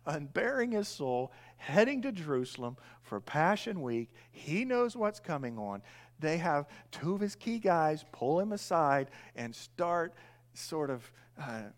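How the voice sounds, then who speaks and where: A middle-aged male pastor preaching a sermon, acting out the disciples' voices in lively asides. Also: fairly high pitch, unhurried. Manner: animated, acts out the disciples' voices.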